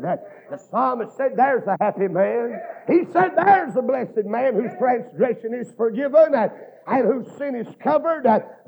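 A man preaching a fiery revival sermon, chanting and rising into shouted cries. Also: high-pitched, creaky, husky. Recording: tinny phone-like lo-fi recording.

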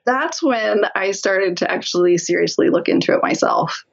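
A woman's voice: mid-range voice, moderate pace, creaky, muffled recording. Laughing woman telling a story. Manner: lively, laughs often while telling. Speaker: guest. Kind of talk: casual storytelling interview.

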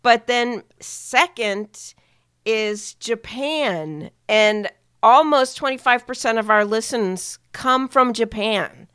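A woman co-hosting a casual podcast, chatting with listeners in a relaxed way with many fillers. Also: a little high, slow pace, clear, resonant tone, no echo, studio quality. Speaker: podcast co-host.

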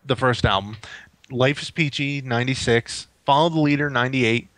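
A man's voice: mid-range voice, normal speed, fairly bright tone, no room sound. A man co-hosting a podcast, chatting casually about an album with lots of "um" and "like" and casual swearing. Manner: rambling, frequent "um" and "like", swears casually. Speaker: podcast co-host. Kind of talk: casual music review chat.

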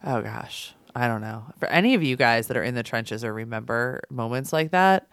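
A woman's voice: rumbling low, animated, moderate pace, no echo, studio quality. A woman in her thirties co-hosting a podcast, talking candidly and a little rambling, full of "like" fillers. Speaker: podcast co-host. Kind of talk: casual podcast chat.

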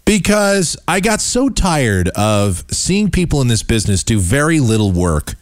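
A man hosting his own podcast, giving a scornful, animated rant about the broadcasting industry. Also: mid-range voice, measured pace, no room sound, studio quality. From United States. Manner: scornful, animated, mocks voices he dislikes. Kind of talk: ranting commentary.

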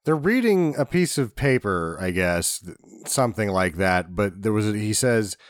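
A man's voice: lowish voice, expressive, moderate pace, dry recording. Sarcastic man on a dry podcast mic. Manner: dry, sarcastic, swears casually. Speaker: podcast co-host. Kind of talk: casual movie recap chat.

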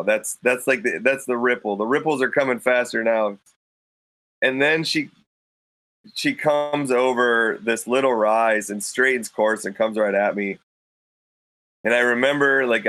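Man, casual storytelling, vivid, bright forceful tone, dry close sound, acts out quotes. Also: mid-range voice, dry recording, poor audio. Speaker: podcast guest telling a hunting story. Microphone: studio microphone.

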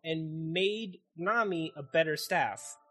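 A man hosting a casual podcast, recapping an anime in an animated, excitable way and swearing constantly. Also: a little high, takes it slowly, breathy edge. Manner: animated, heavily profane, excitable. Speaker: podcast host.

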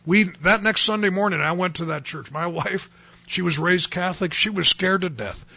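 A man's voice: high-pitched, moderate pace, vocal fry, pushed and bright, breathy edge. A man from North Dakota telling his personal testimony in an earnest storytelling way that rises to emphatic bursts. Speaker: testimony speaker.

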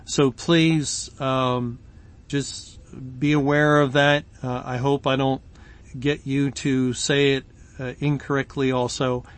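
A man teaching a Bible study, reading scripture and explaining it slowly with frequent pauses and fillers. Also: medium pitch, little pitch movement. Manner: slow and deliberate, with frequent ums and pauses.

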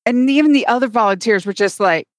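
A woman's voice: a little high, quick pace, no echo, studio quality. Chatty woman podcast co-host, rambling. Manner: rambling storyteller, acts out quotes. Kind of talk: casual chat.

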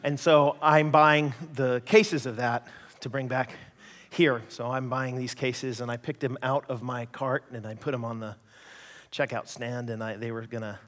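A Canadian man preaching a sermon, an animated storyteller who acts out voices and jokes at his own expense. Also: mid-range voice, normal speed, long reverb tail. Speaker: pastor.

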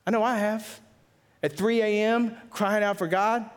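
A pastor preaches a fervent sermon in a fairly high voice at a measured pace. He repeats phrases for emphasis and puts questions straight to his listeners, his delivery rising to excited, high peaks.

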